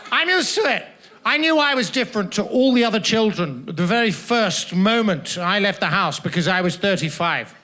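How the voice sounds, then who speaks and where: A man's voice: sits high, lively intonation, moderate pace, sharp tone. A man doing stand-up comedy on a festival stage, teasing the audience with florid, mock-formal, pompous phrasing into a handheld mic. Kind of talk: stand-up comedy with crowd work. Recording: noisy live audience laughter.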